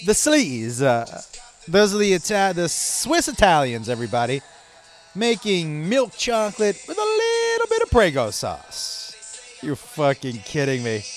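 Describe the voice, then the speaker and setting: A man's voice: sits high, wildly swooping pitch, measured pace, soft background music. A man hosting his own podcast as a comedian, in a casual, profane, rambling way with laughing asides. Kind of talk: casual solo podcast chat.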